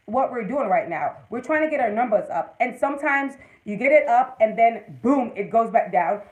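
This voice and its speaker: A woman's voice: on the high side, darkish tone, poor audio. A woman hosting a casual livestream, giving motivational advice and greeting viewers by name. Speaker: livestream host.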